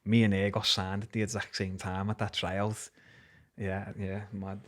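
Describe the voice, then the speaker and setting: Telling a story as a guest, this young MMA fighter speaks in a thick Liverpool Scouse accent, swearing and leaning heavily on slang. His voice is on the low side, with a flat delivery at a moderate pace.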